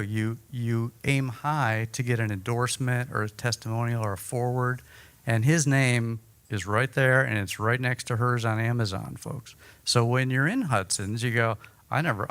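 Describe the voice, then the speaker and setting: A man giving an energetic, chatty breakout-session talk at a conference, joking about himself. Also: medium pitch, clean tone. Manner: energetic, chatty, self-deprecating. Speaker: workshop speaker. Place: conference room.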